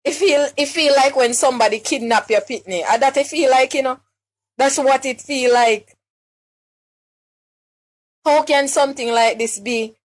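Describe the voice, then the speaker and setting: A woman's voice: high voice, moderate pace, pauses often. Distraught Jamaican woman pleading. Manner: pleading, repeats words and restarts, questions her listeners. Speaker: distressed mother speaking on a live stream. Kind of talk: emotional live-stream plea.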